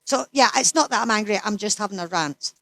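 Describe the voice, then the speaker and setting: A woman's voice: medium pitch, fast, pushed and bright. Blunt, foul-mouthed Scottish woman in her sixties. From Scotland. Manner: blunt, swears freely, ranting. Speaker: interview guest. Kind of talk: casual chat.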